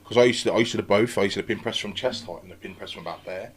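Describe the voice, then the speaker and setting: Fast-talking man telling a story. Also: fairly low pitch. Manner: animated storytelling, acts out his own past thoughts, swears freely. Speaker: podcast guest. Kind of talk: casual podcast interview.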